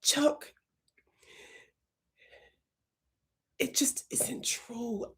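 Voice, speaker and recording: A woman acting out a tearful female bank customer who speaks in a soft, shaky, whispery voice as if about to cry. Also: a little high, takes it slowly, breathy edge, full character voice.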